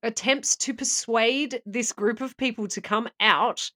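Chatty woman, fairly high voice. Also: a little slow, sharp tone. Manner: chatty, laughs mid-story, self-mocking. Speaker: podcast co-host. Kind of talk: casual chat and storytelling.

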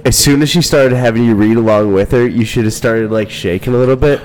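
A man's voice: mid-range voice, fairly quick, heavy background noise. A man co-hosting a casual chat, joking and playing off the others. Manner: joking, playful suggestions.

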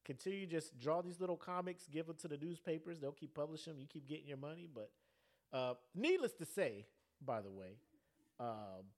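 Lively, joking male podcast co-host. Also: on the high side, normal speed. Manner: loose, joking, swears freely. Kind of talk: casual chat.

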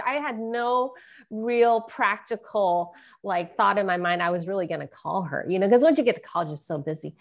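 A woman's voice: medium pitch, a little fast. A middle-aged woman, a guest, telling an emotional personal story in an earnest, tearful way.

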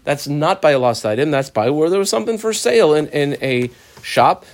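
A man walks through a text line by line in a lively teaching voice that rises and falls a great deal. His pitch sits a little high for a man, and he slips into the voices of the people in the case as he explains it. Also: fairly quick. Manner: animated, acts out claimants' voices. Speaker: Talmud teacher. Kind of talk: line-by-line text study lesson.

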